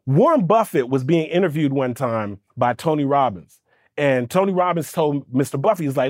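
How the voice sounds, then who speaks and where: A man telling a personal story on a podcast, animated and lively, slipping into voices for the people in it. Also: mid-range voice, brisk, dry recording, clean studio sound. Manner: lively, does voices for people in his stories, stammers when excited. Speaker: podcast guest, speaking coach. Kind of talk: animated storytelling in casual interview.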